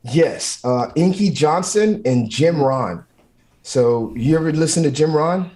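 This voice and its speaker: A man's voice: fairly high pitch, expressive, a little slow, a little mellow. A man, a firefighter guest in an interview, giving motivational talk in short, repeated, punchy phrases.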